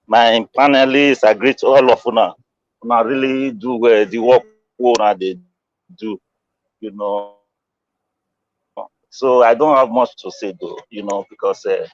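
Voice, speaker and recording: A man's voice: mid-range voice, no echo, muffled recording. A Nigerian man chatting casually as a panelist, laughing often as he talks. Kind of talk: casual chat.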